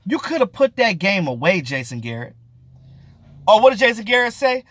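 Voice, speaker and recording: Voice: mid-range voice, very animated, normal speed, dry recording. A sports vlogger ranting through casual, exasperated commentary, with slang and swearing, hammering points by repeating them.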